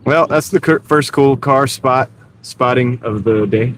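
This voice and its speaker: A laid-back man from North Carolina talks casually to his stream viewers from behind the wheel, at an everyday middle pitch. He speaks into a small clip-on mic, with steady road noise rolling behind him. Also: measured pace. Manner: laid-back, chatty, says "dude" and "bro" a lot. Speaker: delivery driver and livestreamer. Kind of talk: casual driving livestream chat. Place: inside a moving car. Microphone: wireless clip-on mic.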